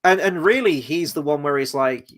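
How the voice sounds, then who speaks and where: A man's voice: a little high, normal speed, a bit bright. A man hosting a casual film review chat, easygoing and loose, with plenty of "you know" and "whatnot". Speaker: host.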